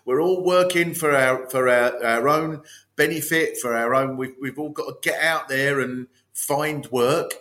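A middle-aged comedian guest in improvised comedy chat, sardonic and slipping into mocking put-on voices. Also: male voice, mid-range voice, unhurried, sharp tone.

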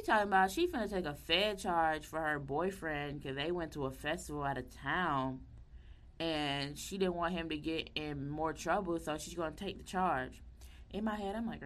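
Low-voiced young woman telling a story. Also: normal speed. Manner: animated, acts out quoted voices. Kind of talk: casual storytelling.

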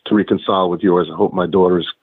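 A man's voice: low-pitched, quick pace, breathy edge, no room sound, narrow, tinny audio. A middle-aged man, a guest on a podcast, telling stories animatedly, putting on voices and often stammering. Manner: animated storyteller, does voices in anecdotes, stammers. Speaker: guest, former wrestler and actor. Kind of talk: casual interview chat.

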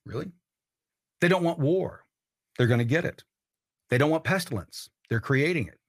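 A man's voice: on the high side, animated, moderate pace. A man hosting a political commentary show, ranting in a heated, blunt and profane way. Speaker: host.

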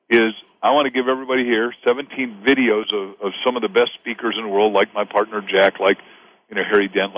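A male author being interviewed, talking in a rambling, motivational way, often repeating himself. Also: phone-quality sound. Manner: rambling, repeats words, pitches his offers. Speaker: author and guest.

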